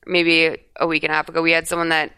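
A woman co-hosting a podcast, casually recapping a movie in a rambling, animated way, with frequent swearing and self-corrections. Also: low voice, quick pace, clean tone. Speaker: podcast co-host.

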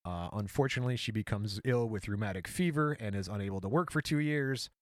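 A man's voice: lowish voice, quick pace, dry recording, clean studio sound. A man in his thirties hosting a podcast, reading history notes aloud in a casual, jokey way. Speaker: podcast host. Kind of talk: casual storytelling chat.

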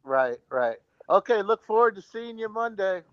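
A man's voice: high voice, sing-song, moderate pace, highs cut off. A man calling in to a sports talk show, eagerly rattling off player statistics in casual chat. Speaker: caller.

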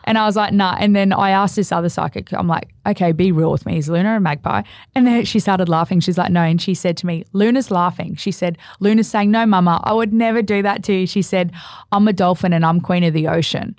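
Woman, podcast guest, lowish voice, dry close sound, candid and animated storyteller. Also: a little fast, no room sound. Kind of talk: casual conversation.

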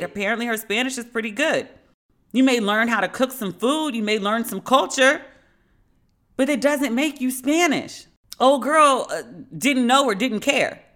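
A woman's voice: fairly high pitch, fairly bright tone. A woman hosting a podcast, telling a story alone in a sardonic, mocking way and slipping into quoted voices. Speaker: podcast host. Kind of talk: solo commentary.

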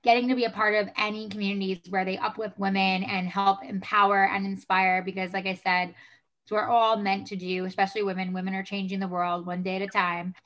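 A woman's voice: medium pitch, flat delivery, fairly quick, fairly bright tone, lo-fi sound. A woman with a New York accent, a guest on a podcast, chatting in a friendly upbeat way with many fillers. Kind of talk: casual interview chat.

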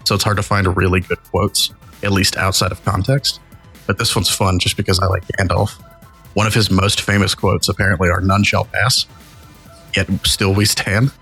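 A man's voice: low voice, flat delivery, fairly quick, sharp tone, slightly rough, faint music behind. A man from Tennessee with a Southern accent, co-hosting a casual podcast and teasing his co-host. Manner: joking, teasing, profane. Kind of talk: casual chat.

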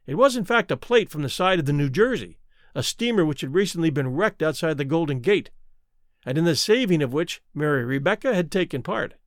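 A man reading a classic short story aloud in an expressive, dramatic narration. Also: on the high side, fairly quick, no echo, clean studio sound. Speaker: audiobook reader.

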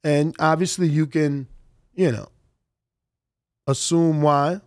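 A man co-hosting a casual boxing talk show, chatting in an animated, conversational way. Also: on the high side, takes it slowly, dry recording, studio quality. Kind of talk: casual sports chat.

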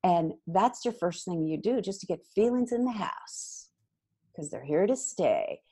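A middle-aged woman, a guest expert, giving parenting advice in an energetic, emphatic conversational way. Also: fairly low pitch, husky. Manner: energetic, emphatic, quick bursts of repetition.

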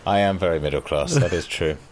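Dry podcast host reading letters. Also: male voice, sits low, quick pace. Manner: dry, self-deprecating, reads listener letters aloud. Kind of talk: casual podcast chat.

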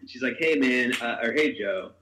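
A man's voice: mid-range voice, expressive, moderate pace, a bit bright, roomy sound, a little hiss or hum, low-quality recording. A man hosting a podcast, telling a story in casual chat. He acts out the quotes with big jumps in his voice, swears and laughs. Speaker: podcast host.

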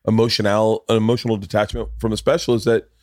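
A man's voice: lowish voice, flat delivery, fast, a little mellow, no echo, clean studio sound. Rambling middle-aged male podcast host. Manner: rambling, profane storytelling that acts out other people's lines. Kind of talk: casual chat.

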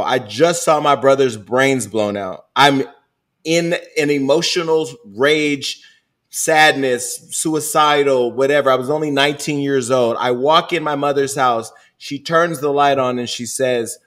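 A man's voice: medium pitch, measured pace, a bit bright. A middle-aged man hosting a podcast, talking bluntly and with plenty of swearing in candid casual chat. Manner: blunt, profane, storytelling. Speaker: podcast host.

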